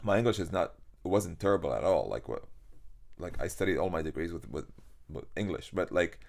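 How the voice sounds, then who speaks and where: Young man, Iraqi-born, Arabic accent, casual chat, animated storyteller full of fillers, lowish voice. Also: fairly quick, gravelly. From Iraq. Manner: animated, laughs often, many fillers and restarts. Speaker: podcast guest. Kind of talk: casual conversation.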